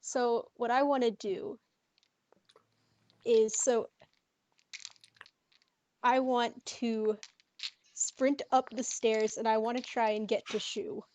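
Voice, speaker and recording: A woman's voice: fairly high pitch, steady tone, takes it slowly, pauses often, darkish tone. A woman player in a tabletop role-playing game, chatting casually and hesitating as she plans her moves.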